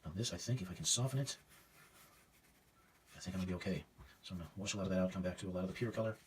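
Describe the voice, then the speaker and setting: A man's voice: deep voice, rapid-fire, distant mic, slight background noise. A man teaching a painting demonstration, thinking aloud as he works, casual and self-critical with hesitant fillers. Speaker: art teacher.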